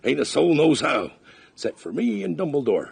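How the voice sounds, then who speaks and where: An actor playing a huge, gruff and gentle male half-giant gamekeeper in a film, with a West Country accent and a rough voice that drags out its R sounds and vowels. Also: a little high, very animated, moderate pace, soft background music, exaggerated voice. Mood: boastful. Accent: West Country English. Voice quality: gravelly, rough. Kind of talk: film dialogue.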